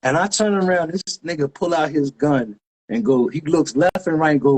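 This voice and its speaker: A man, a graffiti writer guest telling a story in lively street slang with sound effects. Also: fairly high pitch, normal speed, slightly rough. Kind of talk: animated storytelling.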